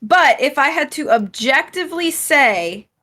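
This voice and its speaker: A woman's voice: sits high, expressive, unhurried, pushed and bright. A young woman chatting casually while live-streaming a game, easygoing and laughing between thoughts. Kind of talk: casual let's-play chat.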